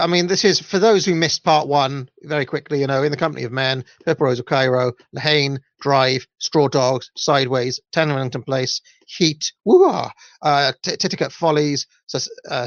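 A man's voice: moderate pace, a bit bright, no room sound. A young adult man with a Welsh accent, hosting a show and chatting casually through listener comments, with lots of ums and uhs. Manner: rambling, full of ums and uhs. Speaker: podcast host. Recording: dull, low-fidelity audio, dry.

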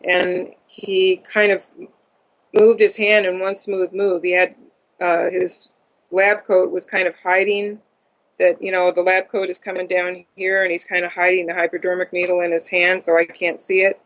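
An interview guest giving a first-person account in a halting way, with many ums and uhs. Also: mid-range voice, level tone, fairly bright tone. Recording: dull lo-fi audio.

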